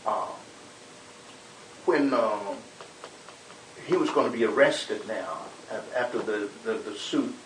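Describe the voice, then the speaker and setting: An older man, a minister, telling civil rights era stories in an animated, conversational way, with frequent repeated words. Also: on the low side, slow pace, pauses often. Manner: animated storyteller, dramatic quotes, many repeated words. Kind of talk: conversational storytelling interview. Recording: echoey room, distant mic, hiss.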